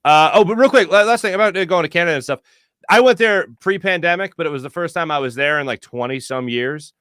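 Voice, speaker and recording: A man's voice: on the high side, fast, a bit bright, smooth, dry recording, studio quality. A man hosting a sports talk show, chatting casually and telling jokey, rambling stories.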